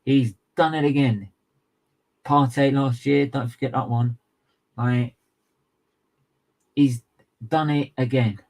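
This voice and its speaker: A young man delivers an angry football rant. He speaks slowly and leans on every word, swearing often and repeating himself for emphasis. His voice sits at an ordinary middle pitch. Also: steady tone, gravelly, darkish tone, poor audio. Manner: furious, sweary, emphatic and repetitive. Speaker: football fan channel co-host. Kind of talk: angry match reaction rant.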